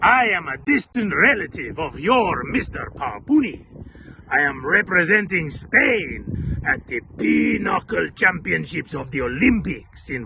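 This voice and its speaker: A man's voice: on the high side, gravelly, full character voice. A man playing a boastful Spanish card champion who hypes himself with showy cheers, recorded on a noisy outdoor phone video.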